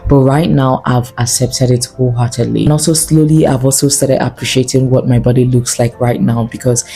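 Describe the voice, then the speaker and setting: Young woman, low mellow voice, earnest confiding vlog delivery, faint music behind. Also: fairly quick. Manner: earnest and confiding, with animated asides. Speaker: lifestyle vlogger. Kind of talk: candid talking-to-camera vlog.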